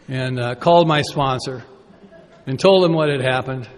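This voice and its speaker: In a reverberant conference hall with a faint crowd audible, a man with a voice on the high side talks at a normal speed. He's a recovery meeting speaker at a podium, sharing his story conversationally, poking fun at himself and asking the audience rhetorical questions.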